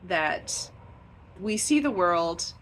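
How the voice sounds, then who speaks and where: A woman's voice: on the low side, animated, extremely slow, fairly bright tone, a little hiss or hum, rough recording. A woman talking in a rambling, stream-of-consciousness vlog, drifting into tangents and laughing often. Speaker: vlogger.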